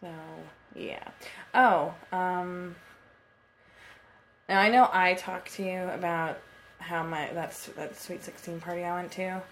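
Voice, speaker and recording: A woman's voice: lowish voice, fairly even intonation, takes it slowly, pauses often, slight background noise. Chatty young woman telling a story. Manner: chatty storyteller, swears freely. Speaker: podcast co-host. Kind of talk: casual chat. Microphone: computer mic.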